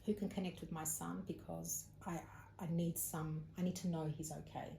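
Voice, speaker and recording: Australian woman telling a story in a mellow, lowish voice. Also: normal speed, creaky. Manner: animated storyteller, acts out quoted speech. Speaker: psychic medium, interview guest. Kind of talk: casual storytelling interview. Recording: echoey room with faint ambient noise.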